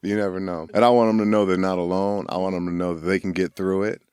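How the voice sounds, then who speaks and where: A man's voice: quick pace, clear, resonant tone, no echo. A middle-aged man from Chicago, a voice actor guest on a podcast, telling his story candidly and acting out the people in it. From Chicago, USA. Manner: animated storyteller, acts out voices with big pitch jumps.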